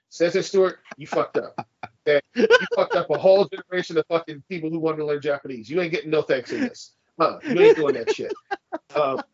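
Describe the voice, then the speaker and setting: A man's voice: fairly high pitch, slightly rough, no room sound, highs cut off. A man co-hosting a casual podcast, ranting and swearing as he argues his point. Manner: profane, ranting, argumentative. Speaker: podcast co-host.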